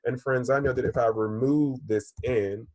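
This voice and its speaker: A man's voice: medium pitch, steady tone, normal speed, darkish tone, no echo. A male third-grade teacher giving a recorded online reading lesson, speaking patiently and often calling his pupils "friends" between many "um"s.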